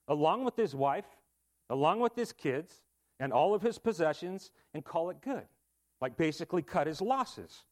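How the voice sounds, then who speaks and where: A young man delivers a sermon in a loose, conversational style. His voice sits a little high for a man, and he keeps checking in with his listeners through quick rhetorical questions. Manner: casual, conversational preaching with asides and rhetorical questions. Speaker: pastor.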